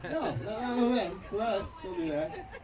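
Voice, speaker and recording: A man doing a crude, loud stand-up set at an outdoor backyard show, telling a story with acted-out quotes. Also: high voice, lively intonation, moderate pace. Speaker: stand-up comedian. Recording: distant mic, crowd noise. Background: laughing crowd.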